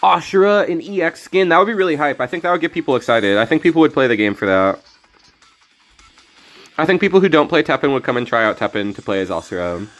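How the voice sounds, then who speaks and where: A man's voice: fairly high pitch, expressive, fast, a bit bright. A young man streaming a card game, talking in a laid-back, jokey way and often mumbling his asides. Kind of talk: casual gameplay commentary. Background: faint music.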